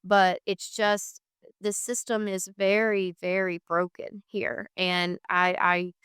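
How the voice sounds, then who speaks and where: A woman with a clear, smooth voice talks earnestly in a relaxed podcast chat. She leans on repeated phrases to press her points. The sound is close and dry. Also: mid-range voice, slow pace, no room sound. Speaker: guest, founder of an equine therapy charity. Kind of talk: casual podcast conversation.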